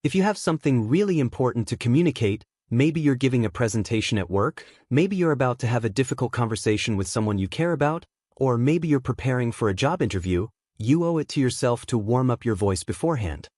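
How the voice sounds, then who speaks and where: A man co-hosting a language-learning podcast, giving clear, measured scripted explanations. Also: medium pitch, lively intonation, darkish tone, no room sound, studio quality. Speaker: podcast co-host. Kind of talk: scripted teaching talk.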